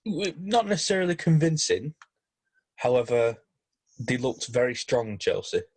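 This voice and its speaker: A man co-hosting a casual football podcast, talking in halting bursts with many restarts. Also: mid-range voice, very animated, darkish tone. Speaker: podcast co-host.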